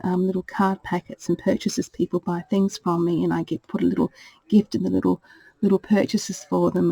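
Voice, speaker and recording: A woman presenting her craft purchases in a casual show-and-tell, talking in a gentle, gushing way. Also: on the low side, vocal fry, no room sound, poor audio. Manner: gentle and gushing, fond of "little".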